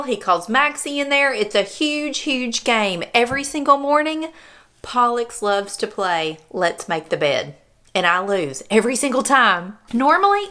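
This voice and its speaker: A woman's voice: medium pitch, fairly bright tone. A woman, chatting affectionately to the camera about her dog and sometimes talking to him. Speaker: vlogger. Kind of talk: casual vlog narration about her dog.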